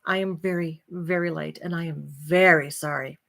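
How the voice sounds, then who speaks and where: A woman's voice: deep voice, fairly even intonation, normal speed, creaky, fairly bright tone. A tired middle-aged woman hosting a late live stream about her self-help book, rambling and apologetic as she yawns. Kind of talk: casual live-stream talk.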